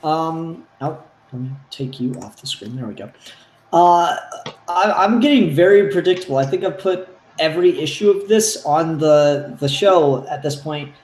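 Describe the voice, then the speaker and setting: A man co-hosting a casual comics chat, excitable and profane, acting out scenes as he talks. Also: a little high, normal speed. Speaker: podcast co-host. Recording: roomy echo.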